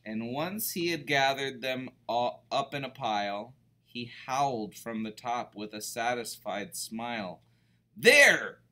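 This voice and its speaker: A man reading a picture book aloud to children, expressive and pausing to explain words. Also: medium pitch.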